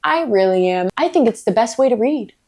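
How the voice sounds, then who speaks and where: A woman's voice: fairly high pitch, animated, brisk, warm tone. A woman book vlogger ranting casually, blunt and emphatic, swearing freely, with playful self-mocking asides. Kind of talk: casual vlog rant.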